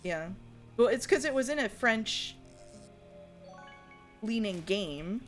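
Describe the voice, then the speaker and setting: A woman's voice: fairly high pitch, expressive, slow, soft background music. A woman streamer in casual chat while gaming, reading chat aloud and laughing often. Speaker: streamer host.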